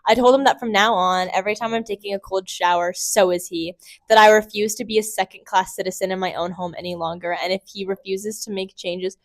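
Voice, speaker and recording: Young woman podcast cohost, reads a story out loud and keeps giggling, dry close sound. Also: mid-range voice, fairly even intonation, brisk, no echo. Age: young adult. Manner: giggly, breaks into laughter while reading. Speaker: podcast co-host. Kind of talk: casual chat, reading a story aloud.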